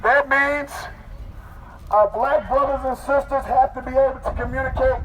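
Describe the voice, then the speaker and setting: A man leading a street protest crowd in call-and-response chants, rousing and loud. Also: very high-pitched, fairly even intonation, moderate pace. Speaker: protest leader. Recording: outdoor crowd and street noise.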